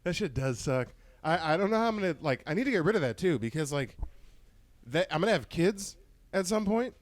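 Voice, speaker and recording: A young man in casual podcast chat, loud and animated, breaking into high mocking voices. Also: brisk, no echo. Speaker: podcast host.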